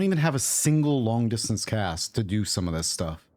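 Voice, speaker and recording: Here the streamer's voice sits on the low side, darkish in tone, with big swings in pitch at a moderate pace and no room sound. He's at his own desk microphone, chatting through his gameplay, muttering and wandering off into asides as he thinks out loud.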